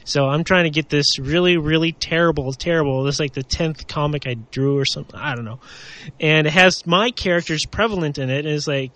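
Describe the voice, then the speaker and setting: A man's voice: a little high, fairly quick, few pauses, fairly bright tone, poor audio. A man co-hosting a casual chat about webcomics, rambling and self-deprecating with many restarts. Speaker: webcomic artist and podcast co-host.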